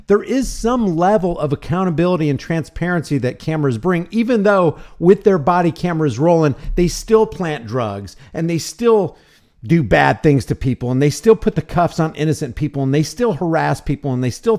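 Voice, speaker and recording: A man's voice: on the high side, lively intonation, moderate pace, darkish tone. A man hosting a commentary channel, reacting to a video with indignant, sarcastic remarks and rhetorical questions.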